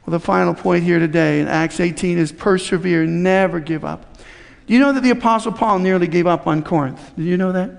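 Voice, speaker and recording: A man with a high voice preaches in a church, and his words ring out with a long hall reverb. He tells a story conversationally, with folksy asides to the congregation. He acts out each character's lines as he goes. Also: fairly quick, gravelly. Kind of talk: sermon with storytelling.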